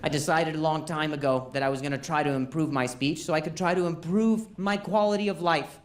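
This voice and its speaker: A man's voice: on the high side, brisk. A man who stutters performing a self-deprecating stand-up comedy set on stage. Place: comedy stage before a live audience. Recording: roomy live venue with background noise.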